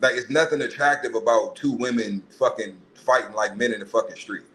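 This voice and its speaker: A man hosting a podcast, ranting in a profane, animated way and putting on mocking voices. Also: medium pitch, a little fast, low-quality recording. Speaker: podcast host. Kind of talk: casual monologue.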